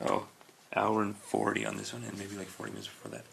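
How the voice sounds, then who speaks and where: Fast-talking gravelly male co-host. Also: lowish voice, very animated, a bit bright, a little hiss or hum. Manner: rapid, gushing, agreeable. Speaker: podcast co-host. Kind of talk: casual podcast chat.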